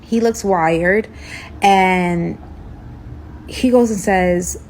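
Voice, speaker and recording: A woman's voice: on the low side, very slow, slight background noise, poor audio. A young woman casually telling a dramatic personal story, acting out the dialogue as she goes. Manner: animated, dramatic retelling with acted-out dialogue.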